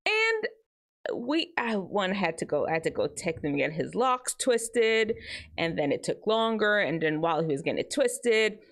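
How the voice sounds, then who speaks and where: Woman, advice-show host, lively up-and-down delivery, chatty. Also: normal speed. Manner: animated, chatty, jumps between high and low tones. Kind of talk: casual advice talk to teens.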